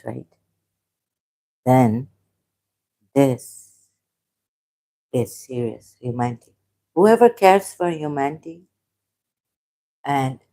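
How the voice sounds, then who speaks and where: A woman from Pakistan hosting a livestream, reading viewer comments and reacting with halting speech, many fillers and restarts, and shocked exclamations. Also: low-pitched, mellow. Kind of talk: casual livestream talk.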